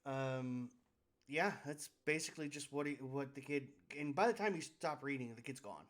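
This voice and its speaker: A man's voice: medium pitch, moderate pace, a bit bright. A young man running a tabletop game on a live stream, narrating casually with restarts and fillers. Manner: casual, rambling, self-correcting.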